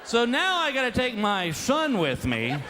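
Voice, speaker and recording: A middle-aged man doing stand-up comedy, telling stories in an animated, exasperated way and slipping into put-on voices. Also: extremely high pitch, measured pace. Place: comedy stage before a live audience. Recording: live show with loud crowd noise.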